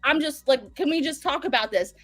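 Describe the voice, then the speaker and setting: A woman recapping a show in casual, profane, animated storytelling. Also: high voice, brisk, dry recording, soft background music. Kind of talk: casual chat.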